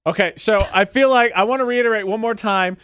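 A man's voice: sits high, a little fast, fairly bright tone, clean tone, no room sound, studio quality. A man co-hosting a radio show, teasing his co-host with playful jokes in casual banter.

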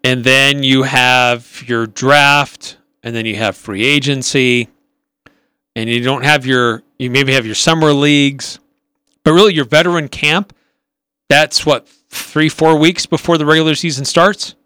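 A man's voice: medium pitch, steady tone, unhurried, sharp tone, clear, resonant tone, no echo. A man co-hosting a casual sports talk radio show in a studio, easygoing and teasing. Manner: easygoing, laughs often, teasing. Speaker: radio co-host.

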